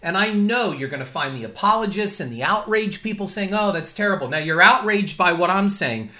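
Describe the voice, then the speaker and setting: A man's voice: high-pitched, lively intonation, moderate pace, pushed and bright. A man hosting a talk show, delivering a blunt, indignant and profane opinion rant. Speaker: podcast host.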